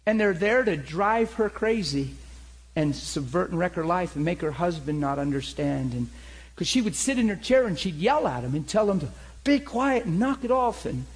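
A middle-aged man preaching, telling a story with animated acted-out dialogue. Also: high-pitched, normal speed, breathy edge, rough recording. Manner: animated, acts out both sides of dialogue. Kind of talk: sermon storytelling.

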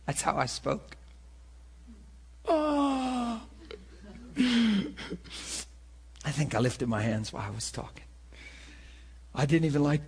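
A man preaching a sermon to a class, talking in an animated, conversational way. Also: medium pitch, takes it slowly, vocal fry, long pauses, slightly rough.

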